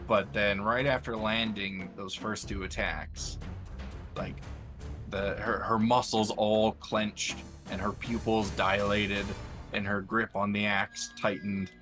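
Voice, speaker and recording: A man's voice: on the low side, level tone, slow pace, over music. A man describing his character's actions in a tabletop game, hesitant and full of fillers. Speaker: player.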